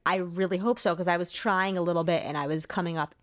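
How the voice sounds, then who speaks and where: A hesitant woman co-hosting a book club podcast in a relaxed chat. She stammers and restarts often as she gathers her thoughts. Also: fairly low pitch, quick pace. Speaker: podcast co-host.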